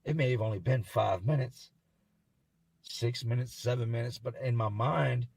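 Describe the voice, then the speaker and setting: A man telling a first-person story in a somber, halting way, as if haunted. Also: medium pitch, gravelly, a little mellow, slightly rough, no room sound.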